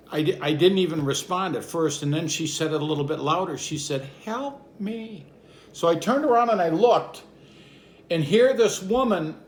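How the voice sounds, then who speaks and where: A middle-aged man telling a true personal anecdote, acting out shouts and quoted voices with big jumps in pitch. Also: slight background noise. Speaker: storyteller. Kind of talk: personal anecdote told to camera. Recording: echoey room with faint ambience.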